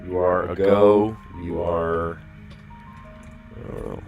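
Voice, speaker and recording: A man's voice: sits low, level tone, takes it slowly, lo-fi sound, soft background music. A man solving word puzzles on a live stream, thinking aloud, chuckling and trailing off.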